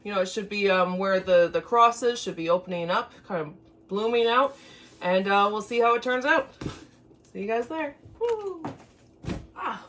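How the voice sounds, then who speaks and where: A woman's voice: mid-range voice, slight background noise. A woman chatting casually as she talks viewers through baking in her home kitchen, step by step. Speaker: home cook and channel host. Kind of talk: casual cooking demo.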